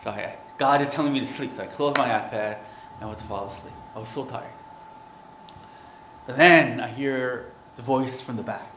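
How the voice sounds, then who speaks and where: A man's voice: medium pitch, normal speed, a bit bright, echoey room, slight background noise. A man preaching a sermon, earnest and conversational, with a prayer and a personal story. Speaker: pastor.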